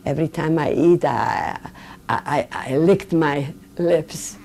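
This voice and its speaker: Older woman with a low, mellow voice. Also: vocal fry, slight background noise. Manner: halting, with many fillers and restarts. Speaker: interviewee, Holocaust survivor. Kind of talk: recorded oral history interview.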